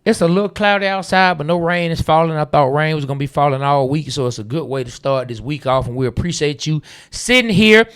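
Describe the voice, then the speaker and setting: A man's voice: on the high side, a little fast, hardly any pauses, fairly bright tone, smooth. A man hosting a casual sports podcast, laid-back and constantly tagging his sentences with "man.". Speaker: podcast host.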